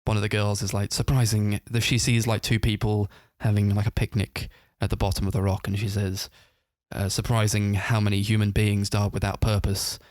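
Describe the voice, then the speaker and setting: Male podcast co-host with a low voice and a dry, close sound. Loose, rambling, laughing film recap. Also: little pitch movement, moderate pace, few pauses, a little mellow, no echo. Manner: rambling, full of "like" fillers, laughs while retelling scenes. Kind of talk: casual film review chat.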